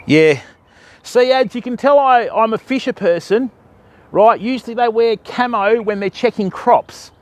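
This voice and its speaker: A young Australian man talks over his fishing gear in relaxed, joking banter, calling his viewers mate. His voice sits high for a man. He sounds like he is out by the river streaming live. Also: unhurried, dry recording. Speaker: fishing vlogger. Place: outdoors by a tidal river.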